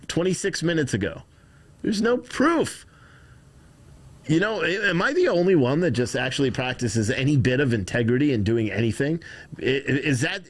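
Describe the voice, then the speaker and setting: A man hosting a livestream, rambling, frustrated, reading chat aloud, and swearing now and then. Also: medium pitch. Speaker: livestream host. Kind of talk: casual livestream commentary.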